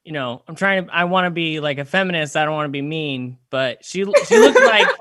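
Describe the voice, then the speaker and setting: Young guy, bright voice, dry close sound, rambling comic storyteller. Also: fairly high pitch, sing-song, brisk, dry recording. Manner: rambling, self-deprecating, lots of fillers. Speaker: comedian telling a story. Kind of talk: casual storytelling.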